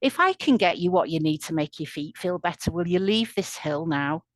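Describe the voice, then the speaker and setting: A woman voicing a tiny, bossy fairy man who snaps out orders in a shrill, commanding voice. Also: fast talker, a little mellow, no room sound, close to an everyday voice. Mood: softened.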